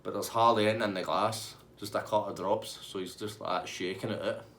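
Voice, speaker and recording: A man with a Scottish accent telling a sweary, animated pub story and acting out everyone in it. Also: on the low side, brisk, a little hiss or hum. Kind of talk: casual anecdote.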